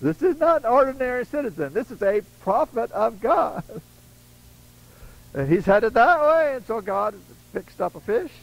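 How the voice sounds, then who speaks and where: A man's voice: very high-pitched, sing-song, normal speed, vocal fry, muffled recording. An older man preaching a folksy storytelling sermon, acting out voices in his stories. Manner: acts out voices in his stories, chuckling asides.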